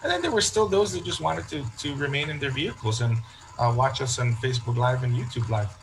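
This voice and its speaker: A man's voice: mid-range voice, animated, fast talker, gravelly, background noise. A man, a parish priest, talking in a casual interview and telling stories that he acts out with quoted remarks and frequent restarts.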